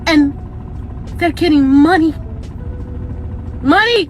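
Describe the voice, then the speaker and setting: A woman's voice: extremely high pitch, measured pace, pushed and bright, faint music behind. A woman telling her own story, tearful and pleading, her voice breaking with emotion. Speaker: food truck owner. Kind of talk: emotional personal testimony.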